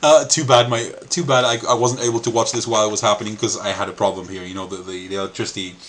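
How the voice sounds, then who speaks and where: A man's voice: fairly low pitch, steady tone, fast talker, a bit bright, slight background noise. A man hosting a video reaction commentary, laughing often while he talks and mixing American and British accents. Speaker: channel host.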